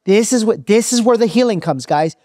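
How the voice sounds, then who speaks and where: A man's voice: high voice, animated, a little fast, mellow, no echo, studio quality. A man hosting a podcast, talking emphatically with lots of restarts and checks for agreement. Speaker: podcast host. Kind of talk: conversational podcast interview.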